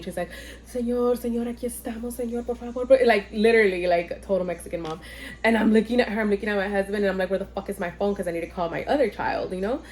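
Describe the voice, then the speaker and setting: A woman telling a casual storytime vlog. She talks animatedly, swears freely and acts out what other people said. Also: medium pitch. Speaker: vlogger telling her birth story.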